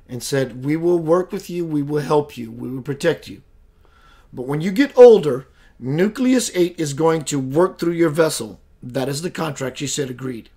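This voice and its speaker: A man with a fairly high voice tells a personal story on his radio show. He speaks slowly and deliberately, with dramatic pauses. His voice swings from loud to hushed. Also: slightly rough. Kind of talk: storytelling monologue.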